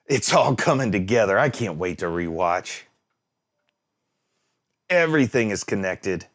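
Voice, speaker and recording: A man's voice: on the low side, expressive, measured pace. A man hosting an anime reaction, chatting casually, exclaiming and laughing at the screen, then musing aloud. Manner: muses aloud, thinking things through.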